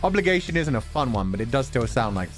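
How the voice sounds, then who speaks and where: A man's voice: medium pitch, very animated, fast talker, soft background music. A man streamer in a casual chat, reading out donation messages, playful with words and swearing casually.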